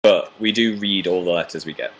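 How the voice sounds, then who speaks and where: Young male livestream host, chatty and self-mocking, slightly low voice, reading fan comments. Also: brisk, a bit bright, slight background noise. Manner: chatty, self-deprecating, reads viewer comments aloud.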